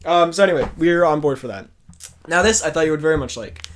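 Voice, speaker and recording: A young man with a slightly high voice co-hosts a casual film podcast. He runs through the news in a joking, loose way and breaks into laughter often. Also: animated, fast. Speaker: podcast co-host. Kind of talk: casual chat.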